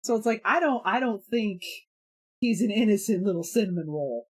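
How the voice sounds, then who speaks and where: A woman's voice: mid-range voice, lively intonation, normal speed, breathy edge. Giggly, rambling woman streamer. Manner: rambling, laughs often, many fillers. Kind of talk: casual live-stream chat.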